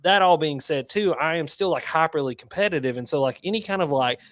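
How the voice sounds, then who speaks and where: A man hosting a casual fishing podcast from home, telling lively stories and laughing as he talks. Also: fairly high pitch, quick pace, slight background noise. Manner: animated storyteller, laughs while telling stories. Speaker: podcast host. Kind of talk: casual chat.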